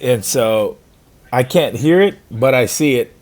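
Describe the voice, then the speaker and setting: A man co-hosts a podcast, chatting casually and dropping dry, teasing remarks. He talks slowly and unhurriedly, and his voice rises and falls a lot. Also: mid-range voice, animated, darkish tone. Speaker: podcast co-host. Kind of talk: casual chat.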